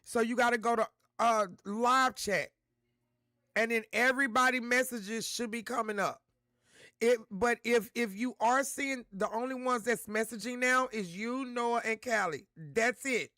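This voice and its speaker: Man, high bright voice, livestream host chatting to viewers. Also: unhurried, dry recording, clean studio sound. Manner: addresses chat directly, repeats himself. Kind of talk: livestream chat talk.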